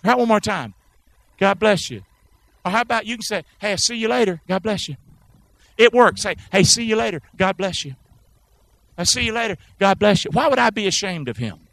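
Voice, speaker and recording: A man's voice: high-pitched, animated, fairly quick, gravelly, fairly bright tone, no room sound, poor audio. A man preaching a sermon, emphatic, often asking the congregation to answer or repeat after him. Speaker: pastor.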